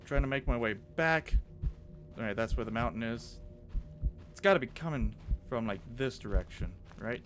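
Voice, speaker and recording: A man commentating as he plays a horror game, jumpy and animated, swearing under his breath at scares. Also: medium pitch, normal speed, soft background music. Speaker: gaming YouTuber.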